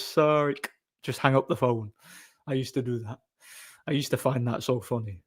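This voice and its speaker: A man hosting a casual livestream, rambling through stories with chuckles and frequent restarts. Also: mid-range voice. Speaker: livestream host.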